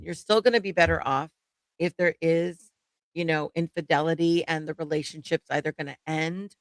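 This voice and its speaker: A woman's voice: deep voice, no echo. A woman co-hosting a casual podcast chat who speaks emphatically and repeats her points.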